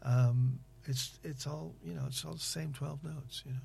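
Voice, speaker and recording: A man interviewing in casual conversation, rambling and halting with many fillers and restarts. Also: a little high, fairly even intonation, gravelly, warm tone, husky.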